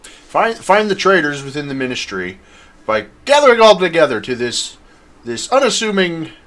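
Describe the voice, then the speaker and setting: Jokey male gamer, lively pitch, reads game dialogue aloud. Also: normal speed. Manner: jokey, reads quest dialogue in put-on voices. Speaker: gamer playing and voicing dialogue. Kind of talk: let's play commentary, reading dialogue aloud.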